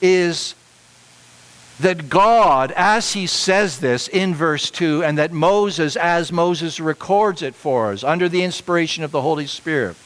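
A man preaching a sermon at a slow, deliberate pace. His voice sits a little high, and it climbs further when he stresses a point. He repeats phrases again and again to drive them home. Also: fairly bright tone, smooth, poor audio. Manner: emphatic, repeats phrases for stress, rising to higher pitch on key points.

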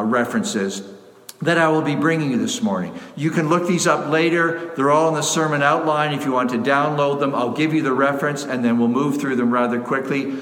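A man preaches a sermon in a slightly higher voice than most men, measured and emphatic, leaning on repeated phrases. His words ring out into a roomy space with a long reverberating tail. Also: a bit bright. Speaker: pastor. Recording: echoey hall.

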